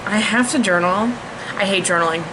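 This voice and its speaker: A woman's voice: medium pitch, fairly quick, background noise. Chatty, self-mocking woman vlogger in her twenties. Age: 20s. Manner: chatty and self-deprecating, loose and profane. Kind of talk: casual vlog chat.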